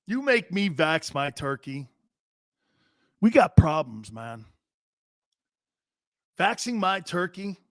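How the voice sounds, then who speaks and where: A man hosting a sports talk show, rambling loudly with jokes and swearing. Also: fairly high pitch, very animated, slow pace, long pauses, no echo, clean studio sound. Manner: loud, rambling, jokey, swears freely. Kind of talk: casual sports talk monologue.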